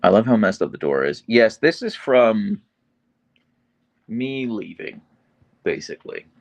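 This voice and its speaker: A livestream host, a man with a somewhat low voice, runs a relaxed stream from his phone. He reads viewer comments out loud and chats easily with his dogs.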